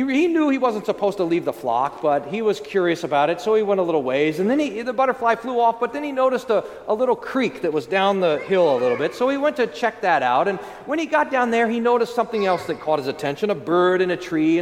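A man's voice: high voice, very animated, a little fast, in a large hall. A man preaching as a pastor in a church, telling a story with animation and speaking earnestly. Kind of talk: sermon.

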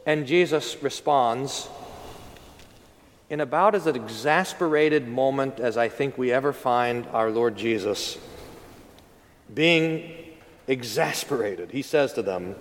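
A man preaching a sermon as pastor, telling the story with lively acted-out quotes. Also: mid-range voice, takes it slowly, pauses often, in a large hall, a little hiss or hum. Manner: storytelling, acting out quoted voices.

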